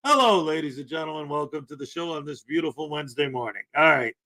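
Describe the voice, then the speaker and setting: On a casual morning livestream, the host talks fast in a slightly high voice. He keeps things jokey and playful, shouting out viewers by name.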